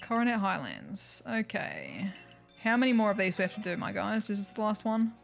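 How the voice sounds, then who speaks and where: A woman's voice: mid-range voice, very animated, moderate pace, vocal fry, soft background music. A woman streaming a video game, chatting casually, thanking viewers and making wry asides. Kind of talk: casual livestream commentary.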